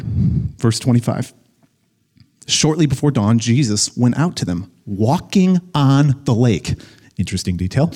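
A young man preaching to his congregation in a casual, animated way, like he's talking with friends in the room. His voice sits at an ordinary middle pitch and keeps moving between calm storytelling and excited, emphatic points. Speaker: pastor. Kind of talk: sermon.

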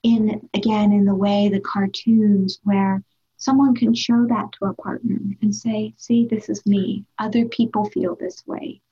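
A woman's voice: mid-range voice, flat delivery, measured pace, dark tone, husky. A woman hosting an interview, affirming and reflecting on what her guest says. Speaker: interview host. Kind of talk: interview conversation. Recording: dull lo-fi sound.

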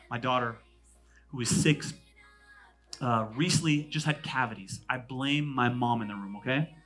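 A man in his thirties, a pastor from California, preaching a sermon. He jumps between loud, emphatic lines and hushed asides, with quick, conversational humor. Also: mid-range voice.

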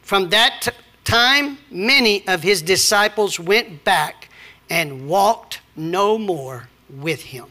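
Animated high-voiced preacher man. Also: takes it slowly. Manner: preaching with scripture readings and personal stories. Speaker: pastor. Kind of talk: sermon.

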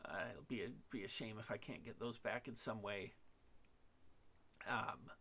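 A man talks through a solo podcast monologue in a gravelly, bright-edged voice. He is hesitant and halting, restarting his sentences often and running himself down as he goes. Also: lowish voice. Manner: self-deprecating. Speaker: podcast host.

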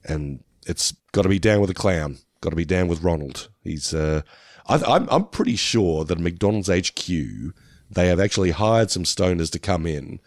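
Male co-host, very deep, laid-back and jokey, dry sound. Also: normal speed, dry recording. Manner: relaxed, rambling, jokey. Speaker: podcast co-host. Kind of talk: casual podcast chat.

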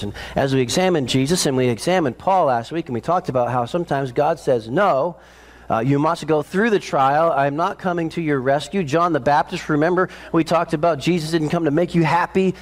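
A man preaching a sermon, retelling a story with dramatic intensity, climbing high and loud at peaks and dropping low and slow for solemn moments. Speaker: pastor.

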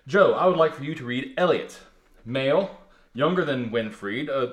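Man from the Deep South hosting, animated pitch, self-mocking, echoey room. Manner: laughing, rambling, self-mocking. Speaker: podcast host. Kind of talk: casual chat and play introduction. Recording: roomy echo.

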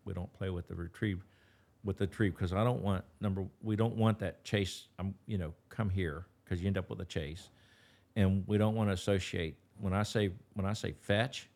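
A man's voice: low voice, moderate pace, darkish tone. A man with an Appalachian accent, a dog trainer talking as an interview guest in a folksy, rambling way with many restarts. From West Virginia. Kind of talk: casual interview talk.

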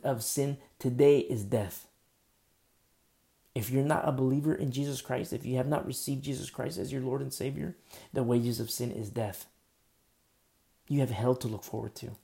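A man delivers a sermon in a relaxed, conversational way, pushing some phrases out loud and dropping others to quiet asides. His voice is mellow and dark, with a gravelly edge that runs through his talk. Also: mid-range voice, moderate pace. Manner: conversational preaching, swings between loud emphasis and quiet asides. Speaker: pastor.

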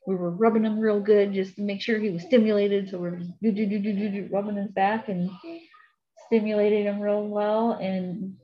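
A young adult woman recounts a personal story in relaxed conversation, her pitch sitting in the middle range. She speaks in a chatty, animated way and pads her sentences with fillers. The audio sounds slightly dull and lo-fi. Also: normal speed, a little hiss or hum. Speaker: podcast guest. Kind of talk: casual storytelling.

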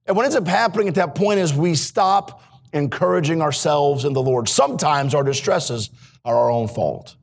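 A man preaching a sermon in a church as a missionary, earnest and swinging between hushed and emphatic delivery. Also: fairly high pitch, animated, normal speed, creaky, breathy edge. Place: church sanctuary.

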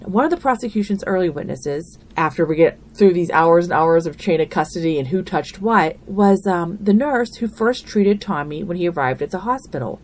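A woman's voice: on the low side, a little mellow. A woman hosting a true crime podcast, walking through a trial in an earnest, opinionated, conversational way. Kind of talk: narrated podcast commentary.

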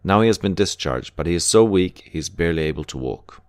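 A man narrates a memoir in a low, deep voice with measured, unhurried pacing. The sound is dry and close. It has no room echo. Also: lively intonation. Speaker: audiobook narrator. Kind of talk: scripted narration.

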